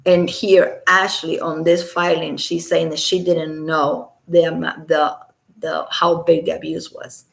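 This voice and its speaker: A Los Angeles woman reads a court filing aloud at home, her low, gravelly voice barely shifting in pitch as she moves at a measured pace. She keeps interrupting with sarcastic, incredulous remarks, occasionally sinking to a whisper.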